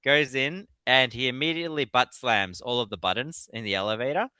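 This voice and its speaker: A man with a bright, crisp voice tells stories in a relaxed interview, laughing often through them. His voice is close and dry, with no room sound around it. He tells them animatedly. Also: mid-range voice, brisk, no room sound. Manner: animated storyteller. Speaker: guest author. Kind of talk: casual interview chat.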